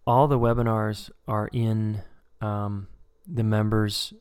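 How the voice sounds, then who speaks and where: A man's voice: on the low side, level tone, slow pace, a little mellow, clean tone. Conversational man teaching a webinar. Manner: conversational, acts out dialogues. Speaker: course instructor.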